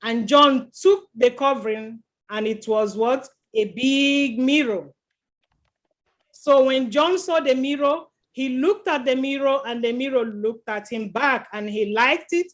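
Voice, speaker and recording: High-voiced woman telling a church children's story. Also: a little slow. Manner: lively, quizzes the children with questions.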